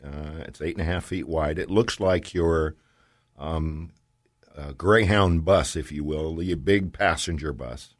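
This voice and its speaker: An older man, a retired podcast guest, answering questions in a relaxed, halting way with frequent ums. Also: extremely low pitch, dry recording, clean studio sound. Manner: relaxed and halting, with many fillers. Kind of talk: casual interview.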